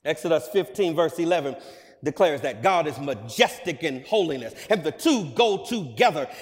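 An emphatic male preacher with a high voice, delivering a sermon that swells into loud, ringing declarations. The sound trails off in the long reverb of a large hall. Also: animated, moderate pace.

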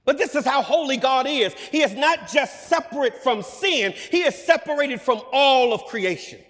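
Man preaching a sermon, high voice, emphatic, loud peaks, long reverb of a hall. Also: animated, moderate pace. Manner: emphatic, rising to loud declarations.

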